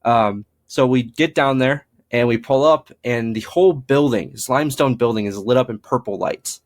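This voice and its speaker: A young man talks through his ghost-hunting past in a loose, rambling way, full of "um" and "like." He slips into little voices when he quotes people. His pitch sits in the middle range for a man. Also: normal speed. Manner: rambling, frequent fillers, acts out quoted dialogue. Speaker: paranormal investigator guest. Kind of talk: casual storytelling interview.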